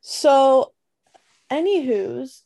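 A woman's voice: sits high, animated, extremely slow, gravelly, dark tone. A young woman podcast co-host from Canada, chatting casually and telling a story with lots of fillers. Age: young adult.

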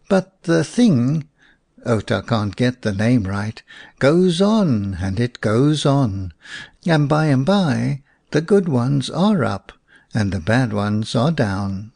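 A man's voice: medium pitch, creaky, a little mellow, full character voice. A man doing a sly old storyteller, Outa. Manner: drawling folksy speech with Afrikaans words.

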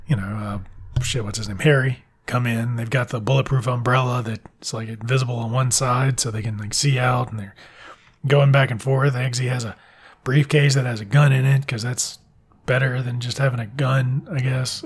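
Husky man cursing through a rambling recap. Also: medium pitch. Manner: rambling, profane, wisecracking. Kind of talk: casual film recap.

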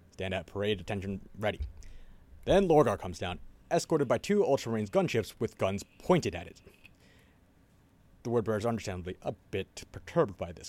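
Low-voiced man retelling lore casually. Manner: swearing, animated retelling with quoted voices. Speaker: podcast host.

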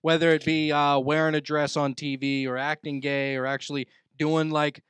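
A man's voice: on the high side, level tone, moderate pace, a bit bright, smooth, dry recording. A man hosting a podcast in loose casual chat, swearing and saying "dude" a lot. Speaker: podcast host.

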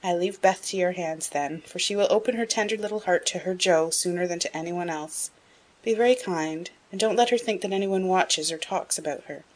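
Woman reading as a soft-spoken tender mother. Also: on the low side, close to an everyday voice. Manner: soft, measured, sighing. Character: gentle middle-aged mother, calm and tender. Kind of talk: audiobook character reading.

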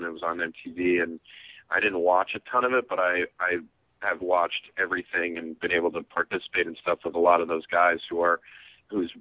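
A man's voice: sits low, dry recording. A man guest telling rambling, self-deprecating comedy stories in a casual interview, heard over a phone-like line. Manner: rambling, self-deprecating, acts out quoted voices.

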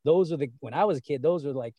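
Male fan guest, casual and rambling, mellow tone, dry close sound. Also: a little high, fast talker, no echo. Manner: rambling, many fillers and restarts. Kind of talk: casual conversation.

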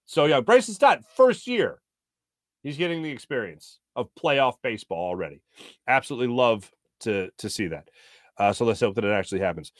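Chatty Philly sports talk host. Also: male voice, mid-range voice, no room sound, clean studio sound. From United States. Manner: chatty, animated, lots of filler uh and like. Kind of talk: casual sports talk, reading chat.

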